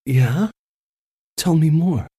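A man voicing a devoted young woman in a story, speaking in a soft, raised voice. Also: animated, moderate pace, husky. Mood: teasing. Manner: soft, raised pitch, gentle pleading.

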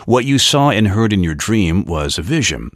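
A man voicing a calm elderly male exorcist priest who speaks in a measured, reassuring way. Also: on the low side, no echo, clean studio sound, voice pushed up.

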